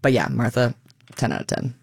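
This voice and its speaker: A woman's voice: extremely low pitch, level tone, fairly quick, a little mellow, husky, dry recording, clean studio sound. A woman in her thirties, a stage actor, talking expressively in a radio interview and acting out quoted asides.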